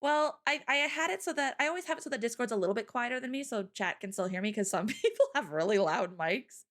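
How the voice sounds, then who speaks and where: Streamer lady, loud and giggly, voice bounces way up and down. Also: a little high, lively intonation, quick pace. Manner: bubbly, laughs often, loud. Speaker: streamer host. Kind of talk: casual live-stream chat.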